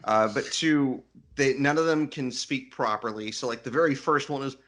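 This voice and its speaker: Male podcast co-host, casual book-club chat, rambling, self-correcting, mid-pitched voice. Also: moderate pace, a bit bright.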